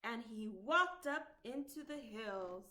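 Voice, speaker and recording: A librarian reads a picture book aloud to children with a bright, sing-song lilt. Her voice is high and swoops freely through each sentence. She takes her time, savoring every line. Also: slow, a little hiss or hum. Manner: expressive, sing-song reading. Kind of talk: storytime read-aloud.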